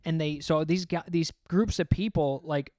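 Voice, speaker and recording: Animated young comic man telling a story. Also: a little high, moderate pace, dry recording, studio quality. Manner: animated, acts out quoted voices, heavy filler "like". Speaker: podcast co-host, stand-up comic. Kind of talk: casual storytelling chat.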